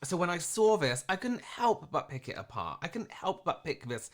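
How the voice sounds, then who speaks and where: A man's voice: fairly high pitch, big pitch swings, normal speed. A man, a professional makeup artist, giving a frank, rambling critique in a reaction video.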